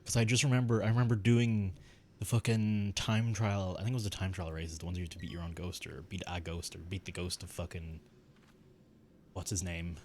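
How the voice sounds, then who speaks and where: Chuckly low-voiced male streamer. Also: steady tone, brisk, darkish tone, slight background noise. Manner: rambling, chuckly, with restarts and mild swearing. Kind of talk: casual gaming stream chat.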